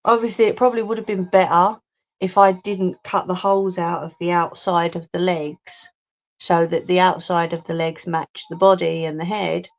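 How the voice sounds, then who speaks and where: A woman's voice: lowish voice, fairly even intonation, normal speed, muffled recording. A woman hosting a casual crafting livestream from home, chatting and answering viewer comments as she works. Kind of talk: casual live chat while crafting. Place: home craft room, indoors. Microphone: phone or webcam on a livestream.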